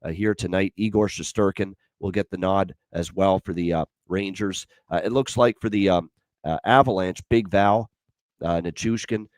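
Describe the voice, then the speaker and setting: A man's voice: low voice, moderate pace, darkish tone, no room sound. A man hosting a sports betting show, talking through picks with lots of fillers and repeated stats.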